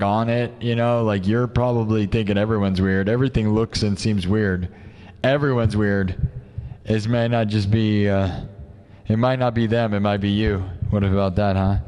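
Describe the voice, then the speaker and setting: A man's voice: on the low side, darkish tone. A young man hosting a livestream, chatting casually and joking while he reads out viewer comments, rambling and firing off rhetorical questions. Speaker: livestream host.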